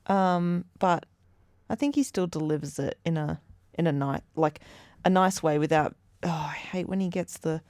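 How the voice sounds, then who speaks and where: A woman's voice: sits low, moderate pace, a little mellow, no room sound, clean studio sound. Wry, teasing woman podcast co-host. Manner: wry, teasing, laughs often. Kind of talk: casual chat.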